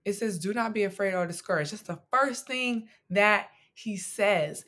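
Bright-voiced woman teaching scripture casually. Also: fairly high pitch, a little fast, hardly any pauses. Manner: conversational and animated, with slang and playful asides. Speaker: podcast host teaching scripture.

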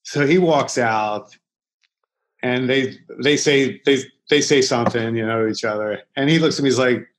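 A middle-aged man tells a long story in a relaxed interview. He rambles, trips over restarts and swears freely. His pitch sits in the middle for a man. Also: normal speed, poor audio. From Philadelphia, United States. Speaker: chef and interview guest. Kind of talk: casual storytelling in a podcast interview.

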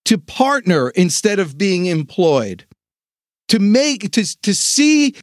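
A man hosting a sales podcast, delivering an energetic motivational pep talk with dramatic pauses. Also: high voice, no room sound, clean studio sound. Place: home studio.

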